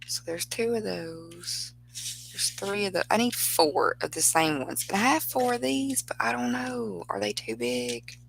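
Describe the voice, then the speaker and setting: A woman's voice: mid-range voice, big pitch swings, measured pace, gravelly, fairly bright tone, slight background noise, rough recording. A middle-aged woman, chatting casually and rambling through a personal story while she crafts. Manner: chatty, rambling anecdote with laughs. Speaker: crafting vlogger.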